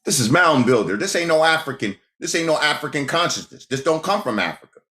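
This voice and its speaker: A man's voice: fairly high pitch, expressive, fairly quick, bright, forceful tone. A man hosting a casual livestream monologue, talking emphatically, repeating phrases and firing rhetorical questions at the chat. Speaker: livestream host. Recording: echoey room sound.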